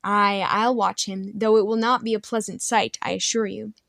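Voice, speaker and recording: A woman's voice: medium pitch, steady tone, moderate pace, vocal fry, fairly bright tone, no room sound. A woman voicing a good-natured, cackling one-eyed old man in a storybook reading. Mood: kindly.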